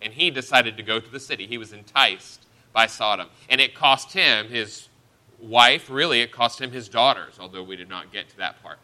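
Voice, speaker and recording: A man's voice: mid-range voice, moderate pace, pushed and bright. A man preaching a sermon, teaching through a Bible passage verse by verse with earnest emphasis.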